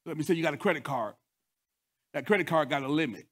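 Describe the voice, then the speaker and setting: A male pastor preaching a sermon, repeating phrases, breaking into sung lines and shouts, talking straight to the congregation. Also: fairly high pitch, animated, fast talker. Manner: repeats words, call-and-response asides.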